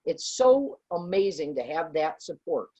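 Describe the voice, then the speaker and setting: A woman's voice: sits low, very animated, measured pace, warm tone, breathy edge, low-quality recording. A middle-aged woman, a business owner, answering interview questions in an earnest, rambling way with many fillers and restarts. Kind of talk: conversational interview.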